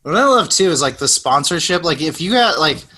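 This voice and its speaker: Bright-voiced laid-back young man. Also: on the high side, big pitch swings, fairly quick. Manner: laid-back, joking, lots of "like" and "dude". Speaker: podcast co-host. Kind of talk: casual chat.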